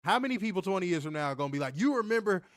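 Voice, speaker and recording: Profane animated man, dry mic. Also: on the high side, very fast, dry recording. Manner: profane, animated, reads viewer comments aloud. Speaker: podcast co-host. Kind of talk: casual wrestling review chat.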